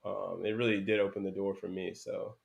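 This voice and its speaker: A man's voice: sits low, flat delivery, fairly quick, gravelly. A young man from North Carolina, a former BMX racer, chatting as a podcast guest with lots of fillers and restarts. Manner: rambling, many fillers and restarts. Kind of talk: casual conversational interview.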